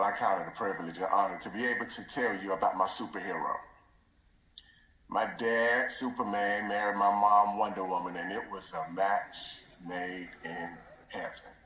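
Son delivering a funeral tribute in a church; low, bright voice that keeps breaking into a near whisper; echoey room. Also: male voice, fairly even intonation, moderate pace.

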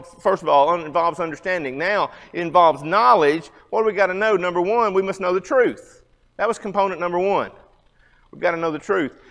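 A man's voice: fairly high pitch, fairly bright tone. A man in his fifties teaching a church Bible class in a conversational way, asking the audience questions. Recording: long hall reverb.

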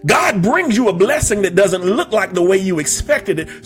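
A man preaching a sermon, telling a story with humor and stammered restarts, then rising into emphatic shouts. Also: high voice, sing-song, normal speed, faint music behind. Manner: emphatic, repetitive, builds to shouting.

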